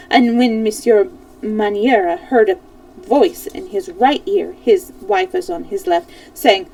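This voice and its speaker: A woman reading a classic novel aloud as a storyteller on a live stream, expressive, stumbling now and then over names. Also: mid-range voice, takes it slowly, vocal fry, far from the mic, poor audio.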